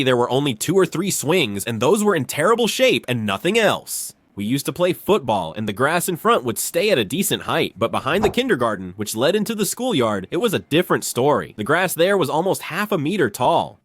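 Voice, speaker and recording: A man's voice: medium pitch, sing-song, a little fast, hardly any pauses. A man from Romania narrating a childhood story with animation, switching into character voices.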